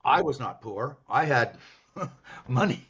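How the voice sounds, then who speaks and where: An older man with a Canadian accent, a business professor guest in an interview, telling stories in a lively, animated way. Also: mid-range voice, takes it slowly, breathy edge. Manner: lively, animated, acts out his own past lines. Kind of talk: storytelling in an interview. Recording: dull, lo-fi sound.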